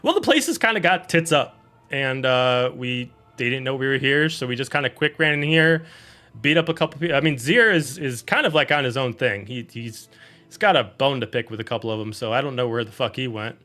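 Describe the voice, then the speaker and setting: Man playing casual cussing female druid, bright tone, rambly. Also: medium pitch, animated, fairly quick. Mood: offhand. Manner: rambling, swearing freely, stumbling restarts. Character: brash casual female druid, offhand and profane.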